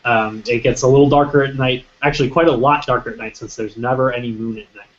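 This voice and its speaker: A man's voice: medium pitch, fairly even intonation, fast talker. Hesitant male game master narrating. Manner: hesitant, many ums and restarts. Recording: muffled lo-fi recording.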